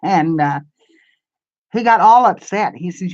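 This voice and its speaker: A woman's voice: fairly low pitch, animated, unhurried, pauses often, a little mellow. Older woman rambling on a dull live stream. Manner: rambling, homey, answers viewer comments. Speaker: craft channel host. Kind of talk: casual live-stream chat. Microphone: camera mic.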